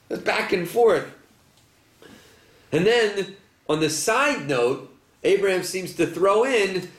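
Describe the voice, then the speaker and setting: A man's voice: fairly high pitch, a little slow, a little hiss or hum. A man, a rabbi, teaching a Torah class to a small live group, reading verses and questioning his listeners with energy. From United States. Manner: animated, poses questions to listeners. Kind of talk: Torah study lesson, reading verses and explaining. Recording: echoey room with faint ambience.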